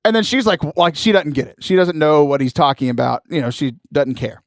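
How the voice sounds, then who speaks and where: Animated man telling a story. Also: fairly high pitch, fairly quick, no room sound, studio quality. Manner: animated, laughing often, mimics voices in anecdotes. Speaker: podcast host. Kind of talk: casual storytelling.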